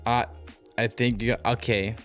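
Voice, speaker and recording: A young man co-hosting a podcast, teasing his friend and firing quick questions in casual chat. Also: medium pitch, flat delivery, fairly bright tone, soft background music. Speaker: podcast co-host.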